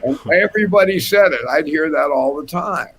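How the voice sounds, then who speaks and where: Gravelly older man telling a story. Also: a little high, brisk, rough recording. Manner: animated, laughing anecdote teller. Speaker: guest musician. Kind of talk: casual storytelling on a panel. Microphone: video call from home.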